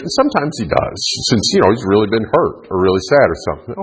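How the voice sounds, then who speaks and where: A man's voice: on the low side, expressive, fast, hardly any pauses, breathy edge, low-quality recording. A middle-aged man giving a chatty parenting talk, laughing often and acting out kids and moms. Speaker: parenting speaker. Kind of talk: talk to an audience.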